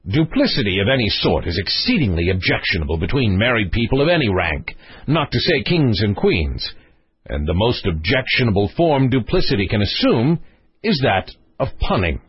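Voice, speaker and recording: A man's voice: on the low side, big pitch swings, moderate pace, breathy edge, no echo, exaggerated voice. A man voicing a grave, fussy king in a storybook reading, speaking in a formal, pompous way. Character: grave, fussy old fairy-tale king. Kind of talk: audiobook character voice. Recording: dry, slightly dull recording.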